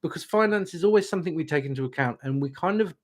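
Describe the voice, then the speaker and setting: Male host doing tarot readings on stream; husky tone, animated delivery, gentle and reassuring. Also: on the high side, fast, no room sound. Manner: gentle, reassuring, checks in with "okay?".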